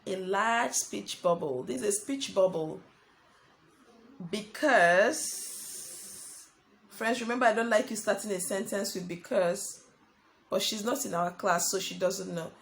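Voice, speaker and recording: A young woman teaching a lesson to small children, speaking slowly and repeating words while she writes on a board. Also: mid-range voice, creaky, a little hiss or hum. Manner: slow, sing-song teacher talk addressing children as friends; talks while writing on a board. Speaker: primary school teacher.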